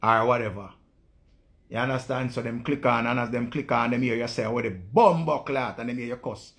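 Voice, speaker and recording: A man's voice: medium pitch, level tone, fairly quick, a bit bright. A man with a Jamaican accent, hosting a live stream and talking casually to viewers in blunt, profane patois.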